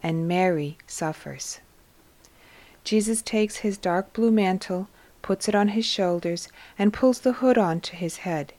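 Soft-spoken woman narrating reverently. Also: mid-range voice, a little slow. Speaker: reader of devotional text. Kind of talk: scripted narration.

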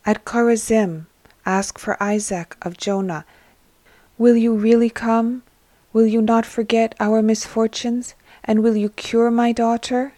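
A woman voicing an anxious old father who begs for his sick daughter, speaking higher and louder than her own narration. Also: fairly even intonation, a little slow, dry recording. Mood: pleading. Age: older. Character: pleading old male beggar, anxious father.

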